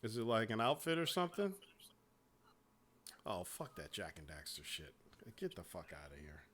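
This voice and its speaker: A man hosting a casual gaming chat show, talking in a profane, animated way and laughing often. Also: fairly low pitch, moderate pace, a little hiss or hum. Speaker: show host.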